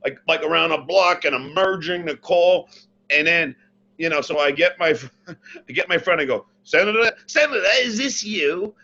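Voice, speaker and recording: A man telling a long prank story in casual chat, animated and self-mocking, recorded on his computer mic. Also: fairly high pitch, moderate pace, vocal fry, muffled recording. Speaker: podcast guest, former radio personality. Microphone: computer mic, not the podcast mic.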